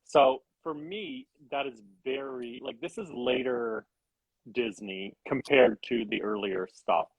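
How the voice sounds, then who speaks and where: A man's voice: medium pitch, slow, breathy edge, no echo, rough recording. A man on a podcast sharing a film opinion in a thoughtful, hesitant way, correcting himself as he goes. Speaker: podcast guest co-host. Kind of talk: casual film discussion chat.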